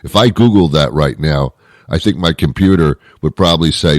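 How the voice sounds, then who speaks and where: A man's voice: a bass voice, normal speed, no room sound, studio quality. A man hosting a talk show, rambling through a sarcastic comic monologue. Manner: sarcastic, rambling, puts on silly voices. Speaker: radio show host.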